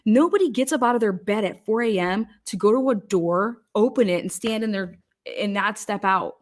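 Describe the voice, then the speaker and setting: Blunt, sarcastic woman commentator. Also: medium pitch. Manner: blunt, sarcastic, profane, rapid-fire questioning. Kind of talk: true crime commentary.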